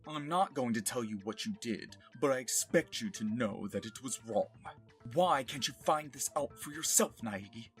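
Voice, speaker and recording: A man voicing an arrogant, demanding teenage heir with a put-on posh English accent, a nasal tone and sharp, clipped enunciation. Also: mid-range voice, lively intonation, moderate pace, slightly rough, soft background music. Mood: contemptuous. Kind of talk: voice demonstration.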